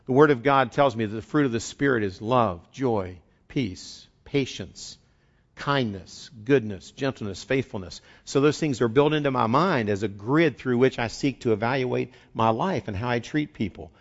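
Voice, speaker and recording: Man, pastor, sermon, earnest and conversational, mid pitch, dull lo-fi sound. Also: normal speed. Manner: earnest, conversational, frequent restarts and repeated words. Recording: dull lo-fi recording.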